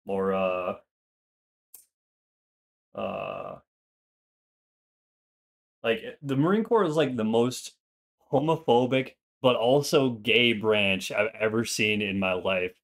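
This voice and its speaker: A man's voice: medium pitch, animated, slow pace, long pauses. A young man with a slight Minnesotan accent, a streamer and former Marine, chatting loosely and profanely while playing a game. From Minnesota, USA. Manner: loose, rambling, profane banter. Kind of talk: casual gaming chat on stream.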